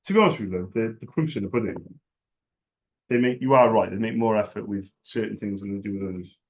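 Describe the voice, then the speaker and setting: A man's voice: on the low side, quick pace. Earnest man, dull lo-fi sound. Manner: earnest, repeats himself, restarts often. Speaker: small business owner. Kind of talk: casual chat and sales phone call. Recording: dull lo-fi recording.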